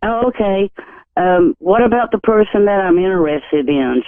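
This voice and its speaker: A woman's voice: medium pitch, expressive, normal speed, no room sound. A woman calling in to ask a hesitant question about romance. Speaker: caller. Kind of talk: call-in question. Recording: tinny phone line, distant.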